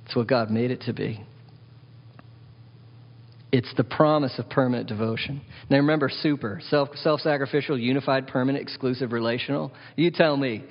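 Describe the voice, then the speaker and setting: A man preaching a sermon as pastor, animated and wry, asking the congregation questions. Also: mid-range voice, gravelly, husky, big-room sound, lo-fi sound. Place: church hall.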